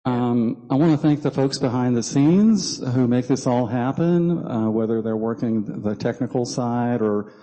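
A man's voice: mid-range voice, measured pace, few pauses, dark tone. A man from South Carolina with a Southern accent, a guest speaker giving a humorous talk from a church pulpit, chatty, with many ums and self-deprecating jokes. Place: church sanctuary. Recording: long hall reverb.

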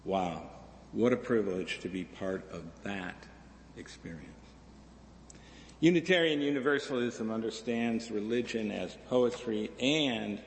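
Brief: male minister, sermon delivery, slow and unhurried, gravelly low voice, recorded in an echoey hall. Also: a little hiss or hum. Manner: slow and reflective, with lively voices for quoted figures. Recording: echoey hall, slightly distant.

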